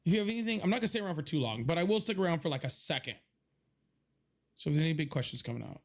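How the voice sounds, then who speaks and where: A man's voice: fairly high pitch, big pitch swings, racing. A young man hosting a casual livestream from his home office, chatting with viewers, thanking them by name and swearing freely. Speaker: livestream host.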